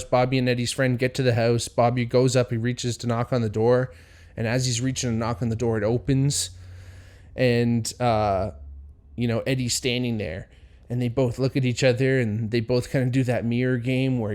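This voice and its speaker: A man hosting his own podcast, telling a story casually at a middle pitch. He rambles with plenty of "you know" and "um", and he slips into quoted voices with small chuckles. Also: a little mellow, clean tone. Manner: rambling, many fillers, acts out quotes with chuckles. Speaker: podcast host.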